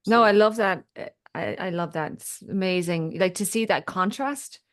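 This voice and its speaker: An Irish woman leads a relaxed group coaching chat at a middle pitch. She talks things through freely, telling little stories and voicing the people in them. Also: moderate pace. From Ireland. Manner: chatty storyteller, acts out quoted speech. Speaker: voice and confidence coach.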